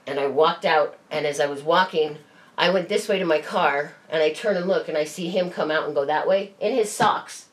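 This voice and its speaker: A woman's voice: low-pitched, moderate pace. A woman telling a story in casual chat, bluntly and with plenty of swearing. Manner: blunt, swears freely, leans on "like". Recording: echoey room with faint ambience.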